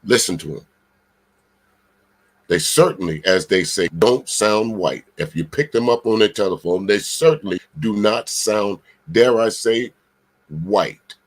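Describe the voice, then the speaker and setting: A man talks back at a clip in a casual reaction commentary. He is blunt and emphatic, swears freely, and keeps stumbling over drawn-out filler sounds between points. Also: on the low side. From Charleston, South Carolina.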